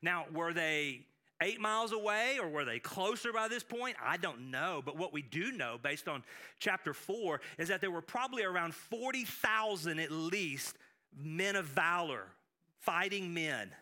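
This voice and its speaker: A man preaching a sermon as pastor, animated, with frequent restarts and acted-out quotes. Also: fairly high pitch, a little slow.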